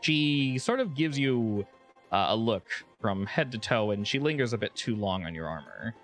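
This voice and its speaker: Male game master, relaxed narration, hesitant fillers, faint music underneath. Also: fairly low pitch, moderate pace.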